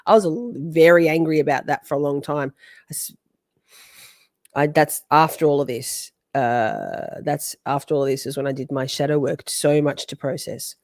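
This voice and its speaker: A woman's voice: deep voice, steady tone, moderate pace, darkish tone, no echo, studio quality. A woman in her forties hosting a casual livestream, teasing her chat and swearing freely. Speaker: livestream host.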